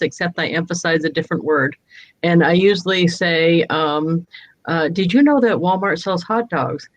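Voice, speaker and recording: A woman hosting a casual chat, cheerful and laughing often. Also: lowish voice. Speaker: host. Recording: dull, dry lo-fi audio.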